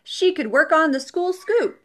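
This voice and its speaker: A woman's voice: extremely high pitch, animated, measured pace, pitched above the performer's own voice. A woman reading a storybook voices a polite, earnest young paperboy.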